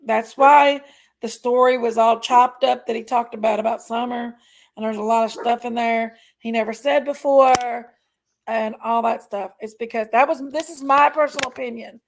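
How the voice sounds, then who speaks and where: Gravelly-voiced woman chatting on a live stream. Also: on the high side, fairly even intonation, normal speed, low-quality recording. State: slightly hoarse from allergies. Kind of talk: casual live stream chat. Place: home, on a couch.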